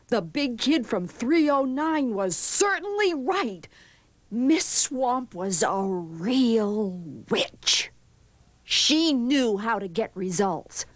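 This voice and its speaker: Brief: woman storyteller reading a picture book, slow and very animated, faint music under. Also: on the high side, no echo. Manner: expressive, deliberate. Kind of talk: children's storybook read-aloud.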